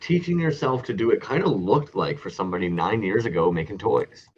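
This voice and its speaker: A man's voice: on the low side, animated, fairly quick, highs cut off, a little hiss or hum. A man co-hosting a casual online toy show, a rambling, profane storyteller. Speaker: podcast co-host. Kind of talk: casual chat with heavy swearing.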